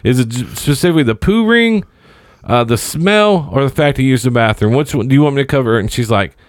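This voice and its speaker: A man in casual chat telling stories about customer complaints in a deadpan way, stammering and quoting himself. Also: mid-range voice, fairly quick, no room sound, studio quality.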